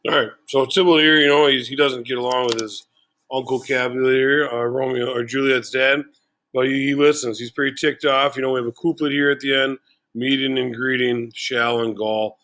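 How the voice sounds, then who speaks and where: Casting: relaxed male teacher, mid pitch, conversational, filler-heavy. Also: moderate pace. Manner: chatty, lots of fillers like "you know" and "uh". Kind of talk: casual explanatory lesson.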